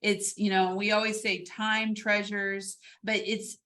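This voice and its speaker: A woman hosting a video-call panel, enthusiastic and quick to laugh. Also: medium pitch, flat delivery, bright, forceful tone. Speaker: host. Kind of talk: casual panel chat.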